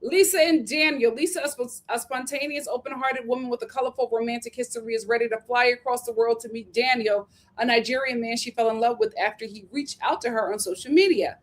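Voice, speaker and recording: A woman hosting a casual reality TV recap, sassy and animated, laughing often as she talks. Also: a little high, fast, hardly any pauses.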